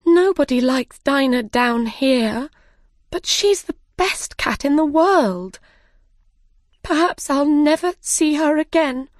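A woman reading aloud, voicing a fretful young girl in a storybook with a high, excited tone. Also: slow, no echo, studio quality. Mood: tearful.

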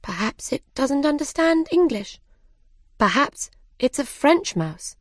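A woman's voice: slow, no echo, clean studio sound, exaggerated voice. A woman voicing Alice, a curious and polite little girl, in a storybook reading. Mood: musing. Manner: high, excitable and apologetic.

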